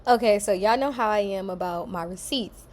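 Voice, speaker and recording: This vlogger, a woman in her twenties, tells a personal story in a chatty way, quoting others with acted voices. She speaks in a mid-range, slightly mellow voice at a moderate pace, recorded in an echoey room.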